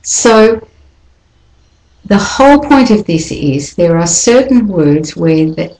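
A woman teaching pronunciation, saying each word slowly and deliberately and repeating it so learners can practise along. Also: fairly low pitch, darkish tone, roomy sound, rough recording. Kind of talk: pronunciation lesson with drills.

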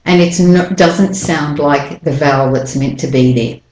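A woman with a low voice teaches pronunciation at an unhurried pace. She sounds out each syllable with careful, deliberate demonstration. Her voice carries a noticeable echo from the room. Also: a little mellow. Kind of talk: spoken English pronunciation lesson.

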